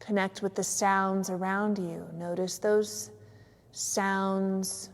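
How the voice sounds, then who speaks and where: A woman's voice: medium pitch, level tone, long reverb tail. Soothing woman leading yoga nidra. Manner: soft, slow, soothing guidance with some fillers. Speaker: yoga teacher. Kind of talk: guided yoga nidra relaxation. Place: yoga studio on a cold evening.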